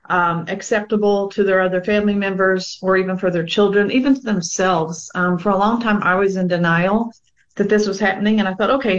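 A woman's voice: on the low side, dull audio. A woman in her forties candidly recounts her own experience as an interview guest. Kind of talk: personal testimony.

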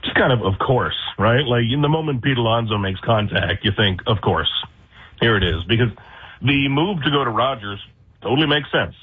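Husky-voiced man on a dull line. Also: mid-range voice, animated, brisk. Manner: dry, sarcastic, laid-back. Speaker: baseball beat reporter guest. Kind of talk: casual sports radio interview. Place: hotel room.

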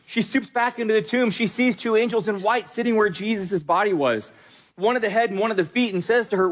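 A man's voice: sits high, fairly quick. A man pastor preaching a sermon with emphatic direct address and repeated phrases.

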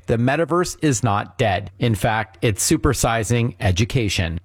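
A male tech show host with a slightly raspy, tired voice, chatting upbeat and casually from an airport. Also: medium pitch, dry recording, clean studio sound. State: tired, strained voice.

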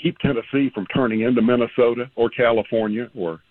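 A man's voice: mid-range voice, steady tone, fairly quick, no echo. A man calling into a radio show and ranting in a heated, indignant way. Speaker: caller. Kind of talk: phone-in rant. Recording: husky tinny phone line.

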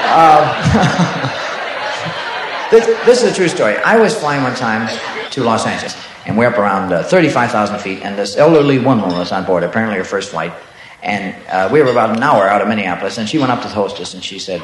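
A man's voice: lowish voice, expressive, quick pace. Chuckling stand-up man, echoey club. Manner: chuckling through his own jokes. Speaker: stand-up comedian. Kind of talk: stand-up storytelling. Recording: echoey club with crowd noise.

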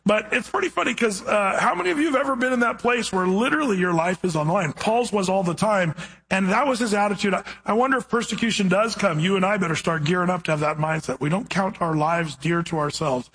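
A man's voice: sits high, fast, a bit bright, slightly rough, poor audio. A man preaching a conversational sermon, telling stories as he teaches from scripture. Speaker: pastor.

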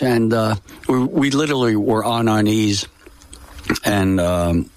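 Older male interview guest, low, dry, close-miked voice, halting and emotional delivery. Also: steady tone, no room sound. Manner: halting, with many fillers and restarts; emotional, solemn. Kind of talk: personal storytelling in an interview.

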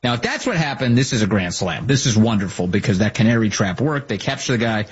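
A man's voice: on the low side, big pitch swings, quick pace, breathy edge, dull audio. A man hosting a political commentary show, talking sarcastically and mocking people with put-on voices.

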